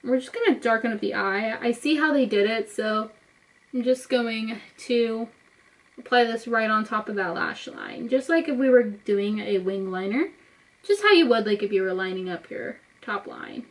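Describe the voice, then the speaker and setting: A woman's voice: fairly high pitch, expressive, normal speed, rough recording. Chatty young woman talking through makeup. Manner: chatty, talks viewers through each step. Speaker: beauty vlogger. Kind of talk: casual makeup tutorial talk.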